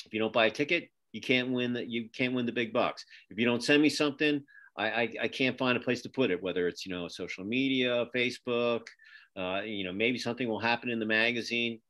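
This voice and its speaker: Wrapping up a relaxed interview, this podcast host and magazine publisher talks fairly fast in a medium-pitched, sharp-toned voice. He's a middle-aged man on a video call from his home office, rambling along with lots of fillers and false starts.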